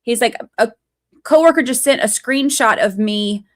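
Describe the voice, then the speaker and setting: A woman's voice: a little high, normal speed, fairly bright tone. Woman casually commenting on a livestream. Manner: casual, conversational. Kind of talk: live commentary.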